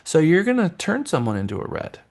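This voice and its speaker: A man teaching a real estate sales class in an animated lecture style. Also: on the high side, fairly quick. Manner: lively, acts out buyers' voices.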